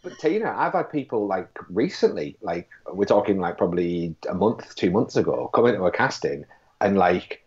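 A casting director chatting easily and rambling through anecdotes in a fairly low voice. The sound is dull and lo-fi, like a video call. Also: male voice, big pitch swings, moderate pace, a little mellow. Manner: chatty and anecdotal, many fillers. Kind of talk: casual chat.

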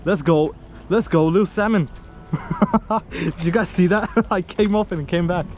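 Young man from Australia, fishing vlogger, slightly high voice, slangy and excitable, faint outdoor hum behind. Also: measured pace, dull audio. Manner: excitable, slangy, laughs often. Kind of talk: casual outdoor vlog commentary. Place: outdoors on a rock wall by the sea.

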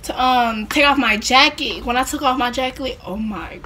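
A woman's voice: high voice, normal speed, bright, forceful tone, a little hiss or hum. A young woman vlogger chatting casually through a rambling personal story, full of fillers and laughing asides.

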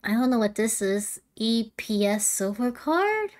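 A woman's voice: on the high side, very animated, measured pace, a little mellow. A woman streaming a video game, chatting in a giggly way and thinking aloud as she plays. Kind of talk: casual let's-play commentary.

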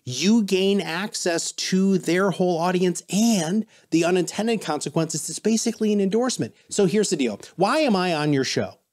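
Animated man telling podcast stories. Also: high-pitched, moderate pace, hardly any pauses. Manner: animated storyteller, quotes people in voices. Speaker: podcast guest. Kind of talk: casual interview storytelling.

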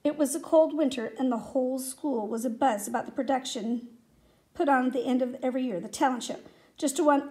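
A woman reading a children's story aloud in a steady, expressive way. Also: high voice. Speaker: reader.

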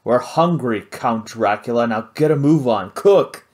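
Man playing a gruff drunk pirate; loud, rough, menacing. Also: medium pitch, moderate pace, natural voice.

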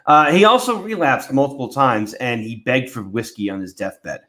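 A man's voice: medium pitch, moderate pace, sharp tone. Dry, matter-of-fact male podcast co-host. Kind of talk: casual podcast chat.

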